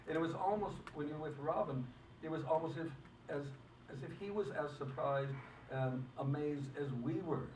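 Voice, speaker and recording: An older film director in a press interview, talking haltingly and restarting often as he searches for words. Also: on the high side. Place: convention room. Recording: echoey room, mic far off, faint noise.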